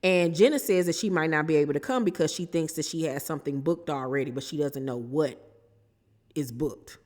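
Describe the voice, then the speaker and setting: A sassy, animated woman with recaps reality TV in casual commentary and laughs often. Her voice sits fairly low, and a long reverb trails behind her words. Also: brisk.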